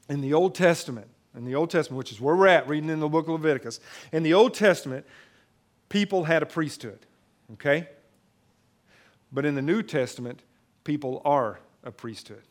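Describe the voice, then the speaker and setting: A male pastor giving an emphatic, conversational sermon in a church, often repeating phrases for weight. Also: on the high side. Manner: emphatic, conversational preaching with repetitions.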